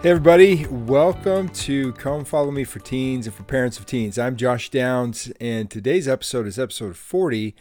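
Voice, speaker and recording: A man's voice: mid-range voice, moderate pace, few pauses, a little mellow, faint music behind. A middle-aged man hosting a devotional podcast, telling a childhood story in an earnest, friendly way with an occasional laugh. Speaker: podcast host.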